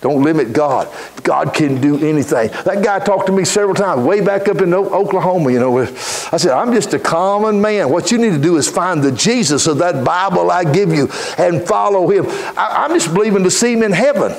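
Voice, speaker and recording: Folksy preacher, fiery storytelling. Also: male voice, high-pitched, lively intonation, brisk. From Texas. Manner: folksy, rises to shouted fervor. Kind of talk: storytelling sermon. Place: church.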